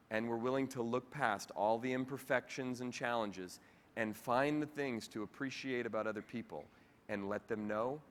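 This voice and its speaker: Animated male keynote speaker in a hall. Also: lowish voice. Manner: animated, heartfelt storytelling. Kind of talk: storytelling keynote speech. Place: large convention hall, on stage. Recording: echoey convention hall.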